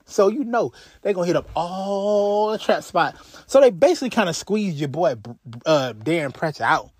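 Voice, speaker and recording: A man's voice: sits high, animated, normal speed, breathy edge, no room sound, studio quality. A man hosting a podcast who tells a crime story in a casual way, profane and slangy, often stalling and repeating himself. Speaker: podcast host.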